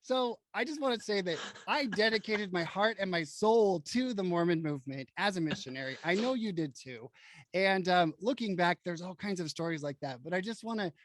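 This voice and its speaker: A man hosting a podcast who tells stories in an animated, frank and emphatic way. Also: high-pitched, no echo. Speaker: podcast host. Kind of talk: casual storytelling chat.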